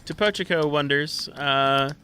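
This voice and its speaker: A man's voice: on the high side, unhurried, pushed and bright, clean tone. A man playing a tabletop game, offering tentative, musing suggestions. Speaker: player. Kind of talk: casual tabletop game chat.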